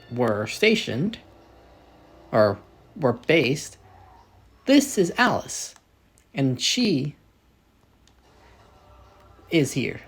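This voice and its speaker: A man telling his own fan story in a loose, off-the-cuff way, often stopping to correct himself. His pitch moves a lot, and quiet music plays behind him. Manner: rambling, self-correcting, animated. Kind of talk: casual narrated fan story.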